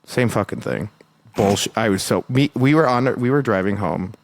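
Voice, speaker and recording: A man's voice: on the low side, lively intonation, normal speed, no room sound. A young man co-hosting a podcast, telling a rambling casual story, full of "like" and swearing. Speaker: podcast co-host. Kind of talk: casual chat.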